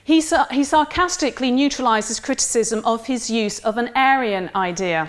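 Woman, literature lecture, measured, wry, fairly high voice. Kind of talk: lecture reading a novel aloud.

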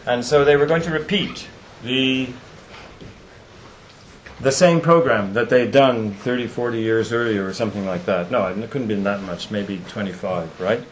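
An older man giving reflective closing remarks at a conference, and slowing down to stress lines of poetry. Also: medium pitch, steady tone, a little hiss or hum. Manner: reflective, recites poetry with slow emphasis. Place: lecture room. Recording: roomy hall echo.

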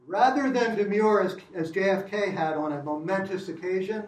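An older man reading a prepared lecture in a measured academic way, with occasional restarts. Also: sits high, expressive, roomy sound, far from the mic, rough recording.

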